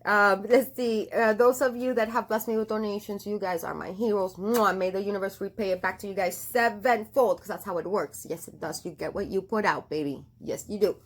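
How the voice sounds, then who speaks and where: Speaking briskly in a steady, medium-pitched voice with hardly any pauses, a tarot reader offers a relaxed reading. She is an adult woman with a daughter, warm and talkative, often using fillers and starting sentences over.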